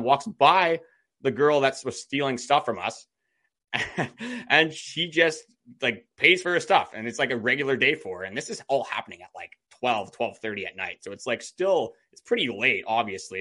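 Bright-voiced man telling a story. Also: medium pitch. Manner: chatty, many "like" fillers, quotes himself. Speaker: podcast co-host. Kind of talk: casual storytelling chat.

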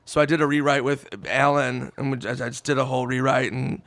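A man telling a story in casual podcast chat, animated and swearing, acting out what others said. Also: medium pitch, fast talker, no echo. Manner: animated, swearing, acts out quotes. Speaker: podcast guest.

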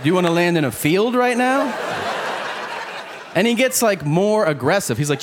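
A man's voice: sits high, animated, moderate pace. A man doing a stand-up comedy set on stage, acting out the voices of the people in his jokes. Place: comedy club stage before a live audience. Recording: live club recording with crowd noise. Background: audience laughter and crowd noise.

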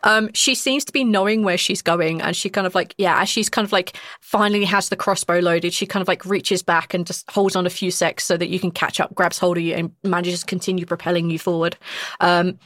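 A woman's voice: lowish voice, fairly even intonation, fairly quick, a bit bright, dry recording, studio quality. A woman narrating as game master in a casual tone, full of fillers. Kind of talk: narrating a tabletop role-play.

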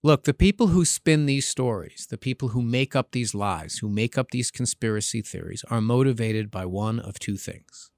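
A man hosting a political podcast, speaking in an emphatic commentary style full of rhetorical questions. His voice sits at a middle pitch. The recording is dry and close, with no room sound. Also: animated, moderate pace, hardly any pauses, dry recording. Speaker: podcast host, former congressman. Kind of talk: opinion commentary.

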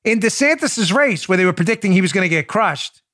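Sarcastic, high-voiced male political host. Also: fairly quick. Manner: sarcastic, animated, talks to the audience directly. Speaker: talk show host. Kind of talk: political commentary.

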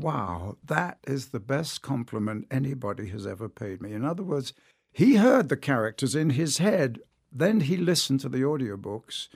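A man who narrates audiobooks, talking in an interview as an enthusiastic, animated storyteller. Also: medium pitch, gravelly, slightly rough, dry recording, studio quality. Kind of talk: interview conversation.

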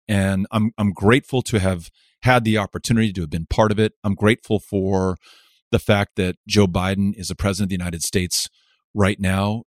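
Interviewed as a guest, a middle-aged West Texas politician with a lowish voice reflects earnestly, repeatedly restarting his sentences. His points come as rhythmic lists of parallel phrases, recorded close and dry without any room sound.

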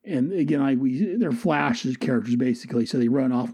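A man's voice: medium pitch, fairly quick, hardly any pauses, a little mellow, husky, no room sound. A man giving a casual, rambling and enthusiastic comic book review, often restarting and correcting himself.

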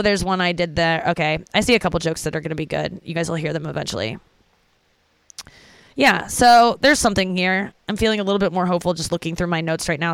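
A woman's voice: fairly low pitch, fairly bright tone, clean tone, dry recording. Rambling, profane young woman podcaster. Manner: rambling, profane, self-interrupting. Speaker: stand-up comedian and podcast host. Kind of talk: casual solo podcast monologue.

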